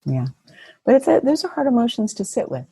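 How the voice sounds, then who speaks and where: A woman therapist, a guest on an interview podcast, telling stories in an animated way and laughing often. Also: on the high side, brisk, creaky, husky, no echo. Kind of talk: conversational storytelling.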